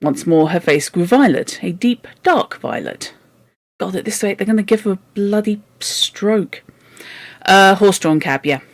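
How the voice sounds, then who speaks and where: A woman's voice: medium pitch, normal speed, a little mellow, no room sound. A woman reading a children's novel aloud for a book club, with wry, joking asides.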